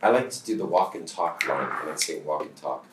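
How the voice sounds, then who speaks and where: A man's voice: very deep voice, lively intonation, brisk, background noise. A man coaching a bootcamp group in a loose, chatty way, often checking in with the group. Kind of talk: teaching a bootcamp session. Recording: distant mic in an echoey room.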